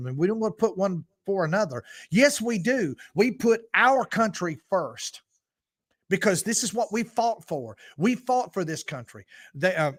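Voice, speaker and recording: A man speaks in an unscripted political monologue, punching his key points louder between stretches of ums and restarts. His voice sits somewhat high for a man. The sound is dry and close, with no room echo. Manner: emphatic, many fillers and restarts, swells in volume on key points. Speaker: preacher giving political commentary.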